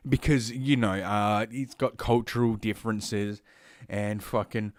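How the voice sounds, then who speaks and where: A man's voice: on the low side, fairly even intonation, unhurried, no echo, studio quality. A man with an Australian accent hosting a solo podcast, reading news stories aloud and breaking off into rambling, profane, sarcastic asides. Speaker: podcast host.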